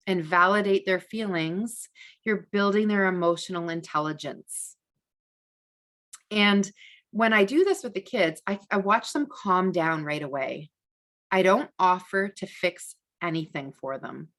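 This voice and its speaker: A woman teaching a parenting masterclass in a relaxed, conversational way, with frequent fillers and restarts. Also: mid-range voice, measured pace. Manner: acts out gentle validating speech to a child. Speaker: parenting educator.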